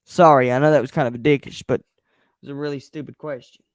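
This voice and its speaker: A man hosting his own show vents his frustration in a blunt, repetitive rant full of swearing. His voice sits at an ordinary middle pitch. The sound is dry and close, with no room echo. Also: steady tone, fast. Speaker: podcast host. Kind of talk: angry solo rant on a live stream. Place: home at night, a partner asleep nearby.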